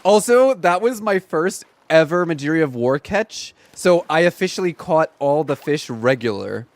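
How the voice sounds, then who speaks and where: A young man streaming a game, chatting casually in an excitable, dramatic and sarcastic way. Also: fairly high pitch, moderate pace, no room sound. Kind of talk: casual gaming livestream chat.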